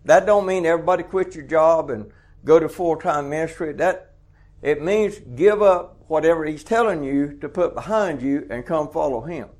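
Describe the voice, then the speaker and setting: A man's voice: fairly high pitch, moderate pace, darkish tone. A man preaching a folksy sermon, chuckling often and acting out little dialogues. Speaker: truck stop preacher.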